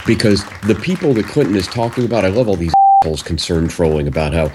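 A man's voice: sits low, fast talker, very noisy. A man co-hosting a casual political talk show, blunt and profane, talking emphatically. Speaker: co-host.

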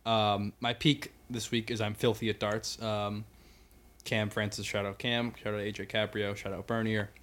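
A man's voice: lowish voice, level tone, normal speed, a bit bright. A young man co-hosting a casual podcast, throwing in dry, teasing remarks. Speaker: podcast co-host. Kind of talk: casual chat.

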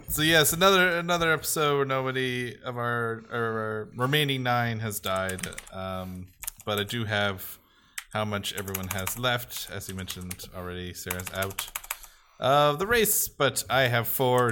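Male podcast co-host, bright and upbeat, light background noise. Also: medium pitch, a little slow. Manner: upbeat, laughing, runs the score segment. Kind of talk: casual podcast chat.

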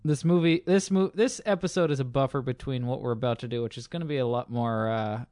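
Joking mid-pitched podcast co-host man. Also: fast, darkish tone, no room sound. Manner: loose, joking, filler-heavy. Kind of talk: casual chat.

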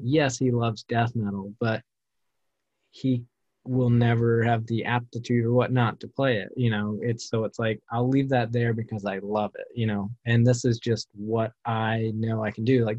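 A man's voice: mid-range voice, a little mellow, no echo. A man hosting a podcast, chatting loosely and circling his point with lots of "like" and "you know". His voice sits in a middle range and sounds close and dry. The recording is somewhat dull and lo-fi. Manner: loose, rambling, heavy on filler words. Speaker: podcast host. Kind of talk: casual conversation.

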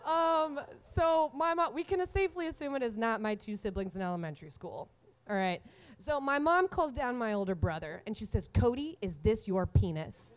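A woman in her twenties telling a comic story from her own life, animated and often laughing through the punchlines. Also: a little high, normal speed, clean tone. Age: 20s. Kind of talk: live comedic storytelling.

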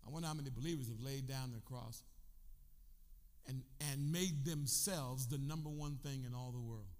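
A man preaching a sermon in a church, emphatic, rising into shouts and sung phrases, and calling on the congregation to answer. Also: medium pitch. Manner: leads the congregation in call and response. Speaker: pastor. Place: church sanctuary. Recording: echoey hall.

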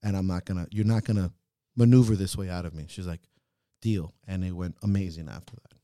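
A man co-hosting a podcast, talking in an earnest, reflective way that swings into loud, laughing rants. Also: low voice, fairly even intonation, fairly quick, smooth, no echo, studio quality. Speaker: podcast co-host. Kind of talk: casual reflective chat.

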